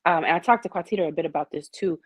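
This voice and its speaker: A young adult woman from Jamaica hosting a casual group discussion, speaking candidly and telling personal stories with animated asides. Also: lowish voice, very fast, breathy edge, no room sound, dull audio.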